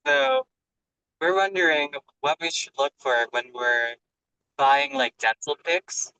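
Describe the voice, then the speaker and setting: Hesitant, bright voice on a call. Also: medium pitch, big pitch swings, slow pace, smooth, no room sound, rough recording. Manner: hesitant, filler-heavy. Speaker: group member. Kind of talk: casual video-call question.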